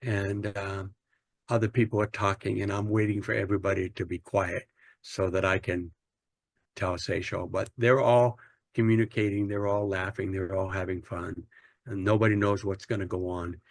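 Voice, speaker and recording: A man's voice: sits low, little pitch movement, moderate pace, vocal fry, dry recording. A middle-aged man from the United States, a church planter being interviewed, telling a personal story in an earnest, plain-spoken way with frequent restarts.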